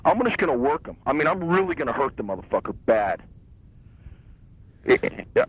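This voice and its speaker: A young man telling an angry, profane story in a casual, rambling rant about getting even. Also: medium pitch, a little fast. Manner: profane, hotheaded, boastful, rambling. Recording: dull lo-fi radio sound.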